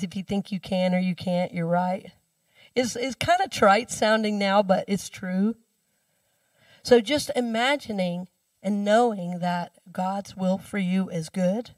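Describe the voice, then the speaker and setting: A woman minister giving a sermon in a chatty storytelling way, dropping her voice low when she repeats the mantra. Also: no room sound, recorded from a distance. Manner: conversational storytelling, speaks the mantra softly.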